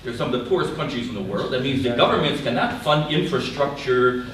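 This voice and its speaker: A man's voice: mid-range voice, animated, a little fast, fairly bright tone. Blunt older Southern American man. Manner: blunt, exasperated, argumentative. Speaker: audience member, professor emeritus. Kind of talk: public panel discussion comment. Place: large lecture hall. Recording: echoey hall, distant mic, faint noise.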